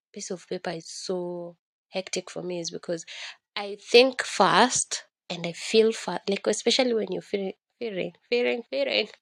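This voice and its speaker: A woman's voice: lowish voice, gravelly, dry recording, studio quality. A woman with a Kenyan accent, hosting a candid solo podcast, rambling emotionally and mixing Swahili slang into English. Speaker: podcast host.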